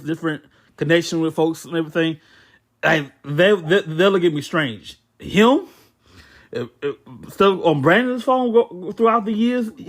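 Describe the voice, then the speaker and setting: A man co-hosting a casual podcast, stammering and restarting as he steers the talk toward scripture. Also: fairly high pitch. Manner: stammers and restarts, repeating words; preachy, turns talk to scripture. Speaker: podcast co-host.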